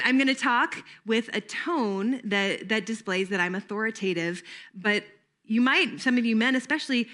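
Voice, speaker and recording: A woman's voice: on the high side, bright, forceful tone. A woman leading a training workshop for camp staff, talking conversationally and drawing the audience in with questions.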